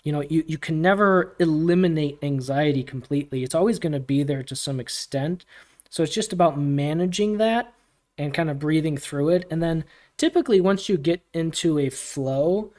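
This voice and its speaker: A man hosting a community livestream Q&A, casual and relaxed, laughing often as he answers questions from chat. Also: on the high side, normal speed. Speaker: community AMA host.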